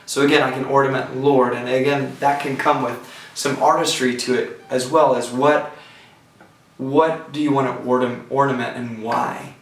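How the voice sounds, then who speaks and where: A man teaching a songwriting lecture, talking thoughtfully with pauses and restarts, recorded from a distance from the mic. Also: medium pitch, fairly even intonation. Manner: thoughtful, with pauses and restarts, breaks into sung examples. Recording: roomy sound from a distance from the mic.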